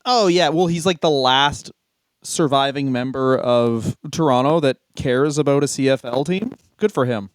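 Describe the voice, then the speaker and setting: A man's voice: medium pitch, moderate pace, clean tone, dry recording. A man co-hosting a comedy podcast in casual chat, joking, swearing and laughing often.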